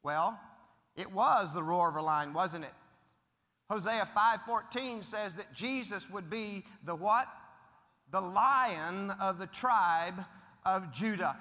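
A man's voice: high voice, slow pace, pushed and bright. A middle-aged man preaching a sermon as pastor, emphatic and quizzing his congregation with questions. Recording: echoey hall.

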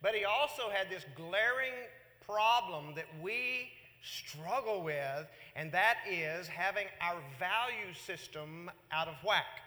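A man preaching a sermon in an animated way, acting out the words of God and Jonah. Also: sits high, slow pace, in a large hall. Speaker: pastor.

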